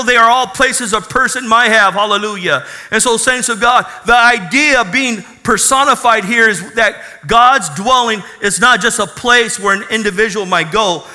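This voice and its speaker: A man's voice: very high-pitched, bright, forceful tone. A man preaching a fervent sermon and telling his testimony, calling out hallelujah. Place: church hall. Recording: echoey hall.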